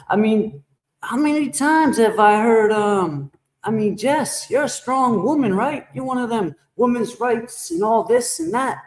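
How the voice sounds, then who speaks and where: A man's voice: high-pitched, sing-song, unhurried, creaky. A man livestreaming and chatting casually with viewers, rambling and joking as he talks back to the chat. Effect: shower-like echo effect. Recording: echoey reverb effect on voice.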